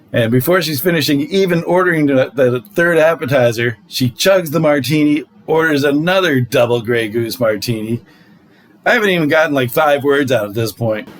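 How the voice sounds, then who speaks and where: A middle-aged man hosting a casual vlog, telling dating stories in a wry, conversational way. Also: mid-range voice. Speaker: vlog host. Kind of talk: casual storytelling.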